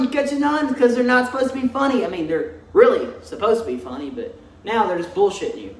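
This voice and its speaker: A young Texan vlogger rants bluntly and mockingly, swearing constantly through his profane commentary. His voice sits high, and the distant mic picks up roomy echo plus a bit of hiss or hum.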